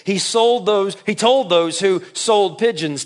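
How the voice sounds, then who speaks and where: Male pastor, Southern US accent, high-pitched, emphatic sermon delivery with playful asides. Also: lively intonation, slow pace. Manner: emphatic, jokey, swings between loud and soft.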